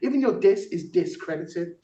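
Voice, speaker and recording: In a theatre workshop room, a Yorkshire facilitator delivers spoken word poetry with a punchy rhythm before discussing it with a group. His voice is high, expressive and warm at normal speed, and the echoey recording is distant and dull.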